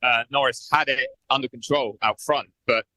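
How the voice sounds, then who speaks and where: A man's voice: medium pitch, fairly even intonation, normal speed, bright, forceful tone, dry recording, rough recording. A man reporting live from the pit lane for a radio show, chatty and hesitant, with many fillers.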